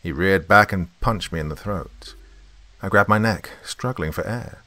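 A man with a very deep voice narrates a first-person horror story, tense and dramatic. The sound is close and completely dry. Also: unhurried, sharp tone, no echo.

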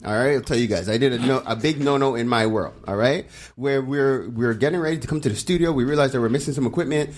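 A man's voice: medium pitch, fast, few pauses. A man, co-hosting a chat show and telling a story with lots of energy. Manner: animated storyteller, voice jumping up when excited. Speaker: podcast co-host. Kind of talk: casual chat.

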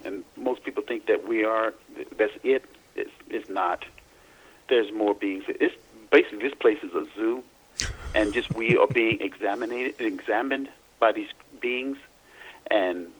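A man from Louisiana, a guest in a casual phone interview, telling his story in a halting way full of restarts and repeats. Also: on the low side, a bit bright, slightly rough, poor audio.

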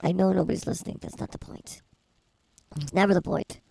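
A woman co-hosting a casual comedy podcast, telling a rambling story in a wry, deadpan way. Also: on the low side, brisk, creaky, slight background noise, low-quality recording. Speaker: podcast co-host.

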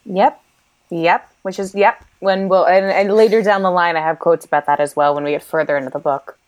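A woman's voice: lowish voice, fairly even intonation, brisk. A woman co-hosting a casual book podcast, agreeing readily and reading quotes aloud. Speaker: podcast co-host.

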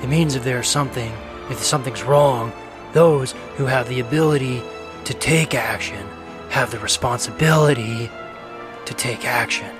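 An actor as an earnest treasure hunter. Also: male voice, mid-range voice, moderate pace, natural voice. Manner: earnest, reverent. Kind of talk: film dialogue. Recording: film clip with score music.

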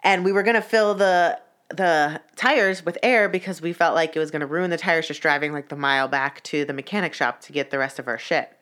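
Young woman, low voice, vlogger storytelling with lots of swearing and filler words. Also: steady tone, fairly quick, fairly bright tone. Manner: profane, heated, many "like" fillers. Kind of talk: casual storytelling.

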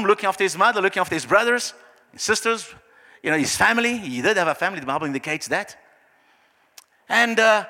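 A male pastor, preaching a sermon with emphatic swings between loud, high lines and quiet, low ones. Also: expressive, fast talker, long pauses, long reverb tail.

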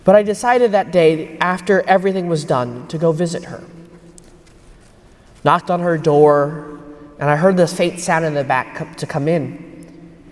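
A man's voice: fairly high pitch, measured pace, long pauses. A young man giving a homily at Mass as a priest, telling a personal story in an earnest way. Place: church. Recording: long church reverb.

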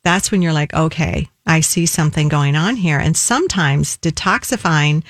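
A woman nutritionist co-hosting a radio show, explaining in a measured, steady way. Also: sits low, no echo, studio quality. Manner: measured, warm explaining, slows down for phone numbers. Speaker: nutritionist co-host.

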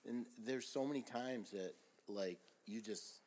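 An older man, a former paramedic, telling stories in an animated way on a casual podcast chat, often laughing. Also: medium pitch, measured pace. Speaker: retired paramedic, podcast host.

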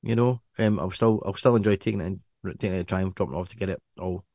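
A man's voice: deep voice, rapid-fire, mellow, no echo, studio quality. A man with a Scottish accent co-hosting a podcast, chatting casually and rambling with many restarts. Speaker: podcast co-host. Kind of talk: casual chat.

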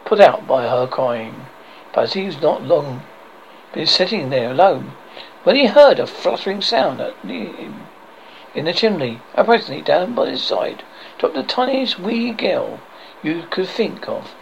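A man, a horror host, reading a fairy tale aloud with expressive delivery, stumbling and correcting words. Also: a little high, vocal fry, lo-fi sound, slight background noise. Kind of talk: storybook reading.

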